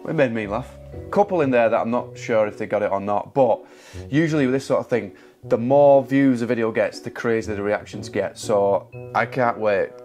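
A man's voice: medium pitch, a little mellow. A young man, a magician making comic commentary with a sarcastic, jokey manner and frequent laughs. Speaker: magician and video creator. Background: background music.

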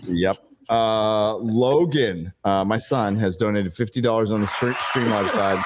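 A man's voice: on the low side, moderate pace. A man co-hosting a casual panel show, reading out donation messages and chatting, swearing and laughing often. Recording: noisy livestream audio.

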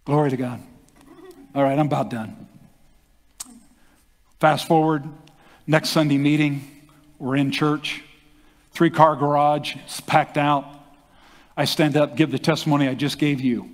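An older male pastor preaching a testimony, his somewhat raised voice ringing through a reverberant church hall. He tells the story in an animated way and acts out the voices he quotes. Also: fairly high pitch, unhurried, pauses often. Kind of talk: sermon testimony.

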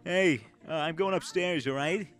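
Teasing young man, bit high. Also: normal speed, fairly bright tone. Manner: teasing, needling, swears often. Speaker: YouTuber host. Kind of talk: casual game chat.

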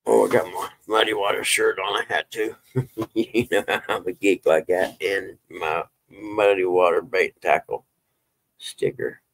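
Brief: low-voiced man, relaxed folksy live-stream chatter, dry close sound. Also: measured pace, creaky, no room sound. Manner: folksy, swears when fired up. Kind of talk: casual live-stream chat.

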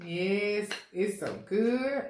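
A woman's voice: mid-range voice, a little mellow. A woman hosting a casual eating show, playful and laughing. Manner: playful, laughing, drawn-out mmm sounds while eating. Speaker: mukbang host. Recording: echoey room.

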